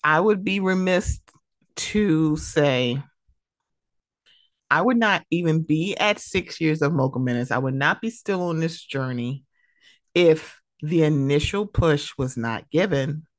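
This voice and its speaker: A woman hosting her own podcast in a casual, animated, emotional way, laughing often. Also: low-pitched, a little slow, long pauses, dry recording, studio quality. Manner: animated, laughing, emotional, mimics friends' voices. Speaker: podcast host. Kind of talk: casual solo podcast talk.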